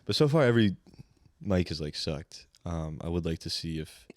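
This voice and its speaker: A man's voice: sits low, lively intonation, moderate pace, darkish tone, no echo, studio quality. A young man, a guest comedian, telling a profane, ranting story in casual podcast chat.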